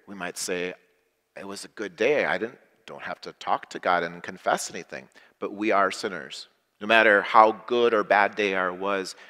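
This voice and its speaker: A man's voice: sits low, sharp tone. A man preaching as a pastor in a simple worship service, speaking in plain words and leading the congregation in call-and-response lines. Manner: slow, simple phrasing with call-and-response prompts. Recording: echoey hall with long reverb.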